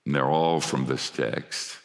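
An older man preaching a sermon emphatically, swinging from hushed passages to shouts. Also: very deep voice, slow pace. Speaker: pastor. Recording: long hall reverb.

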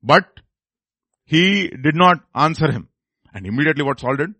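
A man preaching a sermon, moving between low murmured asides and loud, high exclamations and questions to the congregation. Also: animated, moderate pace, pauses often, no room sound. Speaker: pastor.

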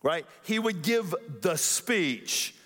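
A man's voice: high voice, expressive, slow, fairly bright tone, long reverb tail, soft background music. A male pastor giving a sermon in a church, conversational and joking, often putting questions to the congregation. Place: church auditorium.

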